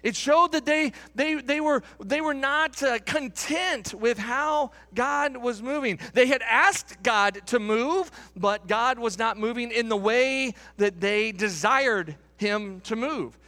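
A man in his thirties delivers a sermon in church with a high, bright, forward voice. He is earnest and repeats words as he presses a point. When he voices complaints he lifts his voice higher still. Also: takes it slowly, few pauses. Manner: acts out quoted complaints in a raised voice. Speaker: pastor.

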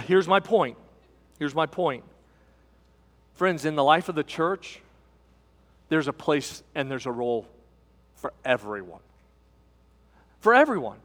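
High-voiced preacher in an echoing hall. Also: male voice, animated, takes it slowly, long pauses, fairly bright tone. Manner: folksy storyteller, addresses listeners as friends. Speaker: pastor. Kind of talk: sermon with personal story.

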